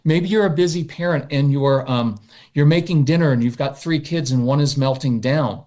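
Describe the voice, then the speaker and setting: A man as a podcast guest, coaching parents in a matter-of-fact, animated way and slipping into quick voices of parents. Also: on the high side. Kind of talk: podcast interview.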